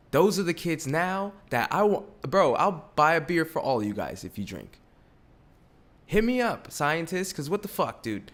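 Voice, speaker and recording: A podcast host in his twenties chats casually and profanely. He's excitable and laughs a lot, swinging between loud bursts and low mutters.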